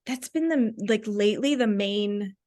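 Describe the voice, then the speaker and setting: A woman's voice: mid-range voice, unhurried, a little mellow. A woman speaking as a podcast guest, candid and reflective, with frequent "like" fillers. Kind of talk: casual conversational interview.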